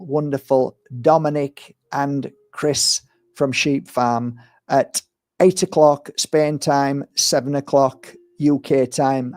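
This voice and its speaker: A man with a somewhat high voice, talking in a casual, rambling livestream monologue that keeps building into passionate rants. The sound is dry and close. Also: mellow, dry recording. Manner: rambling and impassioned, given to ranting. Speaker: livestream host. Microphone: streaming setup mic.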